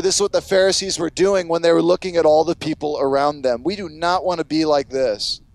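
A man's voice: high voice, dry recording. A man preaching a sermon as pastor, earnest and now and then acting out a self-righteous prayer in mocking tones.

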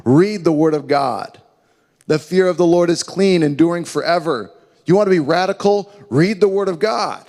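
Male pastor, higher-pitched, emphatic sermon delivery with hushed scripture quotes, reverberant hall sound. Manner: earnest, emphatic preaching with slow dramatic drops to hushed quotes.

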